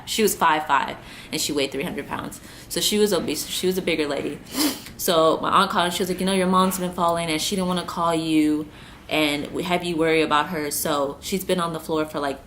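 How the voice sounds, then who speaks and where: A woman's voice: deep voice, fairly bright tone, a little hiss or hum. A woman in her twenties from the United States, talking earnestly to camera about coping with grief, repeating herself and holding back tears. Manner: earnest, repeats herself, trying not to cry. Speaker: vlogger. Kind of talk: personal talk to camera.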